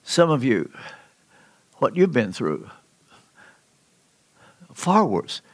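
An older man preaching a sermon in a church, telling a personal story with earnest, slow, emphatic pauses. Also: medium pitch, big pitch swings. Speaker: pastor. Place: church sanctuary.

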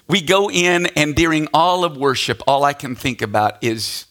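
Middle-aged pastor guy telling a funny story on himself in a sermon, bright tense voice, laughs along. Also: on the high side, a little slow. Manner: self-deprecating, animated storytelling with laughs.

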